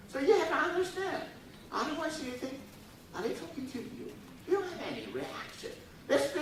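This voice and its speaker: Animated man lecturing in an echoey hall. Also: extremely high pitch, recorded from a distance, slight background noise. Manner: animated, acts out dialogues in funny voices; coaxes the audience to laugh and repeat. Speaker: forum speaker. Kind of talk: humorous lecture to students.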